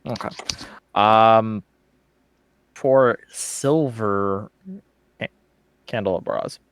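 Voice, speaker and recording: A man running a tabletop game as game master, narrating in a relaxed, casual way. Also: fairly low pitch, very slow, clean tone, no room sound. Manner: relaxed, casual, swears offhand.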